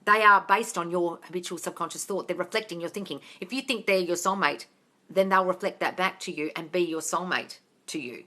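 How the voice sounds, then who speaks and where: A woman's voice: on the low side, a little fast, pushed and bright. A woman hosting a live manifesting Q&A, reading viewer comments and answering bluntly with lots of swearing, calling people darling. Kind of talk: casual live-stream chat reading comments.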